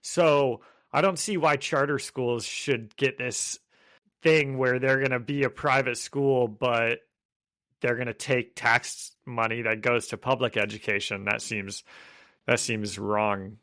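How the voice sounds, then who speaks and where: Male co-host, dry wit, mid pitch, plain conversational delivery. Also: steady tone, unhurried, a bit bright. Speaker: podcast co-host, teacher. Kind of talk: casual chat.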